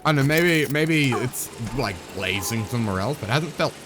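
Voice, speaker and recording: A man's voice: medium pitch, lively intonation, normal speed, music in the background. A man streaming a game live, chatting casually in a rambling, joking way with some swearing.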